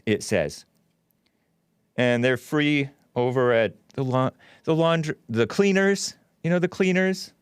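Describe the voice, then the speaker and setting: Hosting a live-streamed talk show, a man chats casually and reads viewer comments aloud, laughing as he goes in an animated way. His voice is fairly high and clean, with studio-quality audio and no echo.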